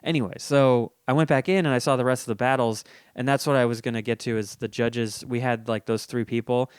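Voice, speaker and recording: A man's voice: mid-range voice, fairly even intonation, fairly quick, clean tone, dry recording, studio quality. A young man hosting a casual podcast chat, rambling through stories and laughing often. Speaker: podcast host.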